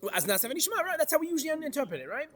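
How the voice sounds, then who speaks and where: Animated man teaching a class. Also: very high voice, racing. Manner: animated, questions the class, Hebrew verse quotes. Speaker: Torah teacher. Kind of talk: interactive Torah class.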